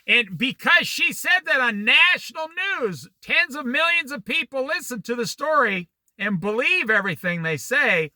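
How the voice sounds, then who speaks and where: This sixty-something Bible study teacher talks at normal speed with hardly any pauses, his high, swooping male voice sounding very bright and cutting. Opinionated tangents and animated stories fill his teaching. No room sound comes through on the dry recording.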